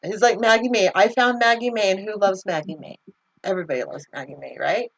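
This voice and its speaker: A woman's voice: mid-range voice, a little fast, vocal fry. Chatty woman rambling on a muffled call. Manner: chatty and rambling, laughs often. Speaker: livestream host. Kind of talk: casual live chat, reading viewer comments aloud. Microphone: video call. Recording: slightly muffled video call audio.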